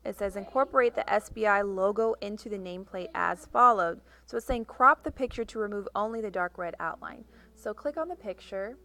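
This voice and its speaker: A woman teaching a software tutorial, talking through each click step by step and reading instructions aloud. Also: medium pitch, brisk, hardly any pauses. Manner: reads instructions aloud, correcting herself. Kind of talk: screen-recorded software tutorial.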